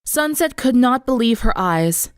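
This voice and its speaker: A young woman reading a fan story aloud in an earnest, expressive storybook narration. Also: on the high side, unhurried, clean tone, dry recording, studio quality. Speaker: fanfiction reader.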